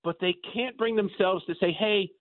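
A man's voice: medium pitch, animated, moderate pace, no echo. A man speaking as a political commentator guest, sarcastic and mocking, on a phone line. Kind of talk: opinionated radio talk. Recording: tinny dry phone line.

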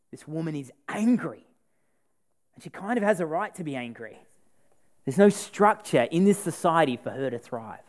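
A man's voice: a little high, normal speed. A man preaching a sermon in a casual, joking way, acting out the people in the story he retells. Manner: animated, acts out the people in the story.

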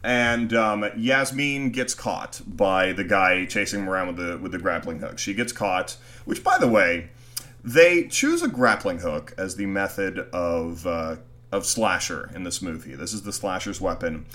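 Bright-voiced man riffing on a movie. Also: low-pitched, measured pace. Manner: animated, profane, acts out scenes in quoted voices. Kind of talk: casual movie review chat.

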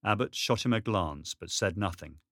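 Male audiobook narrator, low steady voice, dry close recording. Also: dry recording. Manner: steady, measured storytelling. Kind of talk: scripted narration.

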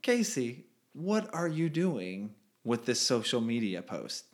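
A woman co-hosts a podcast in easy, conversational chat. Her voice is extremely low, and her delivery is low-key and measured, with frequent affirming interjections. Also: big pitch swings. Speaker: podcast co-host.

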